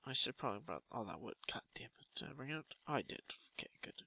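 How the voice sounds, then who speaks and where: Loud, exasperated young man gaming. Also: mid-range voice, expressive, very fast, gravelly, slightly rough. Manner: loud, exasperated, swearing outbursts. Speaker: gaming YouTuber. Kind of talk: Let's Play commentary.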